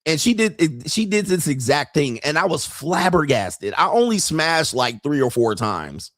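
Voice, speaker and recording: A male livestream host in a crude comedic rant, animated and acting out the people he talks about. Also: fairly high pitch, moderate pace, no echo, studio quality.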